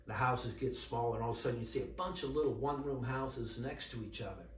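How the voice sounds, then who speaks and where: A middle-aged man tells a long personal story in a casual, rambling way, quoting conversations and leaning heavily on fillers. His mid-range voice moves quickly. The recording sounds roomy and distant, with faint ambience and a little hiss or hum.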